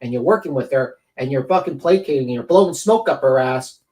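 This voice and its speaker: A man's voice: medium pitch, expressive, fairly quick, a little mellow, low-quality recording. A man hosting a livestream, giving heated, blunt opinion commentary with plenty of profanity.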